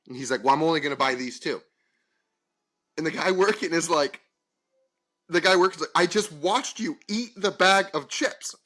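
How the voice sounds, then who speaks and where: A man rants through a story on a casual podcast, swearing freely and acting out the other voices in it. His voice is bright and sits a little high. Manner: profane, exasperated storytelling with voiced quotes. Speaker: podcast co-host.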